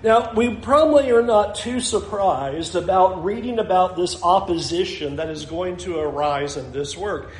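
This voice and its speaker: A man's voice: high-pitched, unhurried, few pauses, reverberant, slight background noise, low-quality recording. A man preaching a sermon in a conversational way, acting out the people in the story as he goes. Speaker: pastor.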